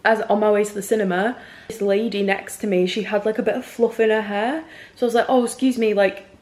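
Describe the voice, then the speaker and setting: A woman's voice: mid-range voice, fairly even intonation, fast, darkish tone. A young woman from Manchester with a Manchester accent, chatting in a rambling casual vlog full of "like" fillers. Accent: Northern English, Manchester. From Manchester, England. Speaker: vlogger. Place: outdoors walking around town, then a salon.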